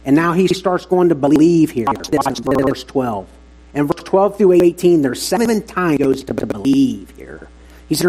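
Male preacher with a slightly raspy, higher voice, earnest and emphatic to his church. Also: lively intonation, normal speed, a little mellow, low-quality recording. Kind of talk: sermon.

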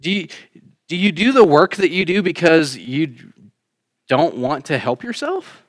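A man delivers a sermon from the front of a church. His voice sits a little high for a man. He swings between raised, emphatic lines and quiet, chatty asides to the congregation. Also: very animated, measured pace. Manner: conversational preaching, rising emphatic then quiet asides. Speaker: pastor. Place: church sanctuary.

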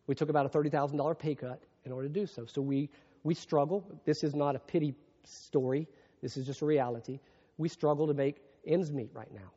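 Man preaching in a reverberant hall. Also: a little high. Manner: swings from hushed reflection to raised emphatic preaching. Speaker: pastor. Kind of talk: sermon. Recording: muffled long-reverb hall sound.

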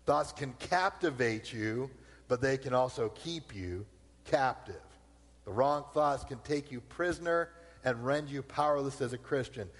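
A man preaching a sermon, slowing down to repeat his key points. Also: medium pitch. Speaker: pastor. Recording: long hall reverb.

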